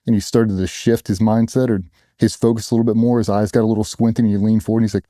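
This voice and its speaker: Blunt, dark-voiced man telling stories. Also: on the low side, level tone, very fast, dry recording, studio quality. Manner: blunt, profane storytelling with acted-out quotes. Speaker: guest, former special operations sailor. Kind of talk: storytelling in a casual interview.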